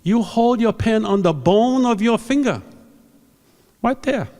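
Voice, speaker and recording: A man's voice: high-pitched, animated, unhurried, dark tone, in a large hall, voice pushed up. A man putting on a clipped, mock foreign accent to voice a blunt, stern older animation ink teacher from his youth. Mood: demonstrating.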